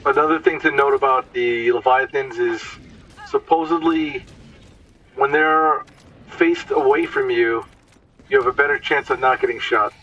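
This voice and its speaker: A man's voice: mid-range voice, a little slow, pushed and bright, recorded from a distance, highs cut off. A man giving casual, explanatory commentary over his gameplay, sometimes stumbling over words.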